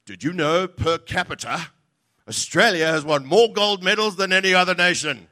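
A man playing an excitable male TV sports announcer who proclaims medal tallies loudly. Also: on the high side, unhurried, heavily acted. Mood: boastful.

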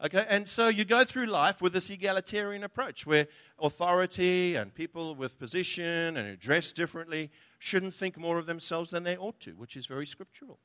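Male preacher, bright and somewhat high voice, chatty and joking with the crowd. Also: a little fast. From from outside Australia. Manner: conversational, humorous, asks the audience questions. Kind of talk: sermon.

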